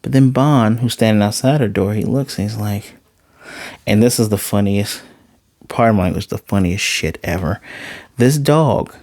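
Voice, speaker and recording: A man recapping an anime episode in casual talk, animated and quick to slip into quoted voices. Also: fairly low pitch, dry recording, clean studio sound. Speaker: anime reviewer.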